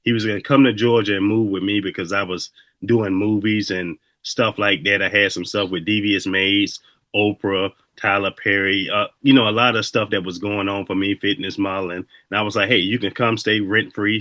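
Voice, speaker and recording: A man's voice: fairly low pitch, level tone, moderate pace, pushed and bright, no echo. A man hosting a podcast, talking in a laid-back, reflective way with loose, rambling stories. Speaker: podcast host. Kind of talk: casual interview chat.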